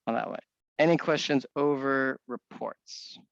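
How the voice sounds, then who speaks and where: Gravelly-voiced man demoing software. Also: medium pitch, measured pace, dry recording, dull audio. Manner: casual, thinks aloud with restarts. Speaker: software developer demonstrating. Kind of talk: screen-share walkthrough.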